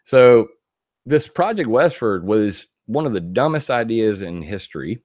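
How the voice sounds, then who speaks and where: A man giving casual commentary on a video, animated and laughing often as he reads quotes aloud. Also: on the low side, a little slow, no echo, clean studio sound. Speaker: video blogger.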